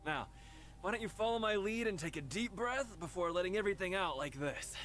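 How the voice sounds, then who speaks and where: Calm male guide, video game dialogue, coaxing instructions, high bright voice. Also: a little fast.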